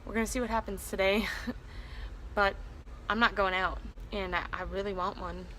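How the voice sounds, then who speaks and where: A woman's voice: mid-range voice, steady tone, normal speed, a bit bright, a little hiss or hum, poor audio. A young woman talking candidly in a personal vlog diary, rambling and confessional. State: near tears, anxious. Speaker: vlogger.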